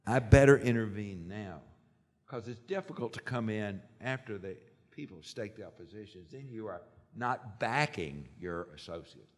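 Low-voiced man speaking in a reverberant hall. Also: animated, moderate pace. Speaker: lawyer on a panel. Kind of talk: panel talk. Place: conference hall. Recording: long reverb in a conference hall.

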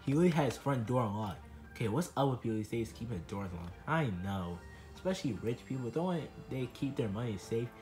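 A man doing a laid-back, quick-talking guy. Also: mid-range voice, expressive, darkish tone, faint music behind, lightly acted. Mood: reasoning.

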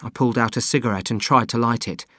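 Steady male audiobook narrator, dry sound. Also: mid-range voice, fast talker, no echo. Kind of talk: scripted narration.

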